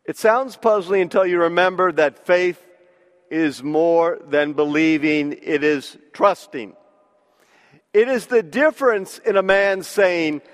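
A man preaches with slow, deliberate phrasing and weighty pauses. His voice sits high for a man. It carries a long church echo. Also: animated. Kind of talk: sermon.

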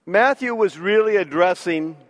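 A man preaching a sermon, slow and deliberate with emphatic pauses. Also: high-pitched, big-room sound.

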